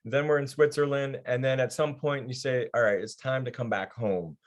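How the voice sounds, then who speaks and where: A man's voice: mid-range voice, fairly even intonation, normal speed. A man hosting an interview who repeats words as he starts a thought, and who sums up what the guest has said. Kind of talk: interview questions.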